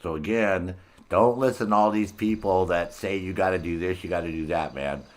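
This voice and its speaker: This man speaks at a moderate pace in a low voice, giving profane, relaxed, rambling commentary as a gameplay streamer. He's explaining his approach to playing a heist alone.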